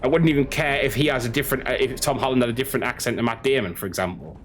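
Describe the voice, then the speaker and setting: A man's voice: medium pitch, very fast, a little hiss or hum. A man rambling through opinionated casual commentary as a gaming streamer, often restarting his sentences. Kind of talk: casual commentary over gameplay.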